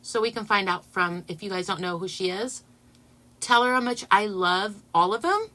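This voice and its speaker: A woman chats to her viewers on a casual livestream in a bright, forward voice. She is excitable and keeps breaking into laughter. Her talk is loose and gushing. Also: medium pitch, normal speed. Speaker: channel host.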